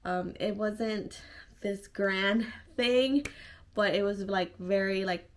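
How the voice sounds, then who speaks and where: A woman's voice: mid-range voice, slow. A young woman vlogger telling a personal story to camera in a chatty, emotional way, full of fillers and restarts.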